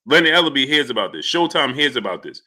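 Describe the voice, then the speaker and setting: This man's voice is medium-pitched and fast as he runs his live stream. He gets heated and animated, ranting and shouting out names from the chat.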